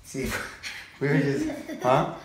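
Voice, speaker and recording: A man in his forties talks casually at home as a father and vlog host, gently coaxing and teasing and saying the same few words again and again. He sounds set back from the mic in a very echoey room. A faint hiss sits underneath. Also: medium pitch, big pitch swings, slow pace, far from the mic. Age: 40s. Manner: coaxing, playful, keeps repeating himself. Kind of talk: casual family chat.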